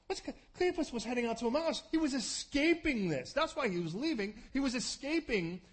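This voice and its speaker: High-voiced, lively male preacher. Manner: animated storytelling, acting out scenes with quick asides. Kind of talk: sermon.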